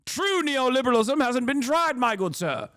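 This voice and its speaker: A man's voice: very high voice, big pitch swings, moderate pace, fairly bright tone, dry recording, studio quality, voice pushed up, heavily acted. A man voicing a haughty, pompous posh British male politician with a plummy drawl, in a mocking comedic bit on a stream. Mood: condescending.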